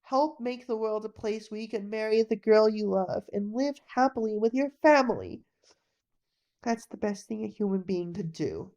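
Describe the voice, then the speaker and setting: A woman voicing a young male wartime pilot, bitter about dying young and gentle with a boy, in a storybook reading. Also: medium pitch, animated, moderate pace, close to an everyday voice. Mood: bitter, tender.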